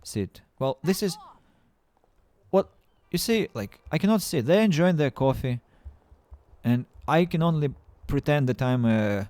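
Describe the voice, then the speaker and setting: Halting man streaming a game. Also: fairly high pitch, expressive, darkish tone, dry recording. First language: Russian. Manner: halting, stammering restarts, playful self-mocking. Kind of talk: casual game-stream chat.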